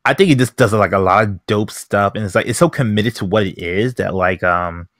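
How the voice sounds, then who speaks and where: A man co-hosting a podcast, rambling excitedly about a movie and saying "like" constantly. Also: fairly low pitch, fairly quick, dry recording, studio quality. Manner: rambling, heavy use of "like", excited. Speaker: podcast co-host. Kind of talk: casual chat.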